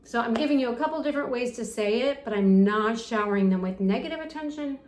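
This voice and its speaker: A middle-aged woman coaching parents in a gentle, soothing lesson, softly acting out the phrases she suggests. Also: fairly high pitch, quick pace, reverberant. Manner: gentle, soothing, acts out soft example phrases. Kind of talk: talking-head parenting lesson.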